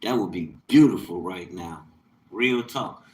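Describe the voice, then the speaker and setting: A man's voice: low-pitched, unhurried, darkish tone, a little hiss or hum, rough recording. A man hosting a casual livestream, talking at length in a rambling, emphatic way that turns preachy at times. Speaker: livestream host, mobile mechanic.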